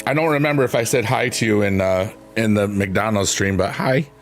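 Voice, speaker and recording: A livestreamer with a fairly low-pitched voice talks briskly and casually to his stream viewers, rambling in a laid-back way and laughing at himself. Soft piano music plays in the background.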